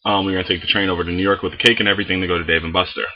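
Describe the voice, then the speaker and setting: A young man telling a story in a casual vlog, animated and full of swearing. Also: deep voice, rapid-fire, lo-fi sound. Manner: animated, heavy swearing, lots of fillers. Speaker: vlogger.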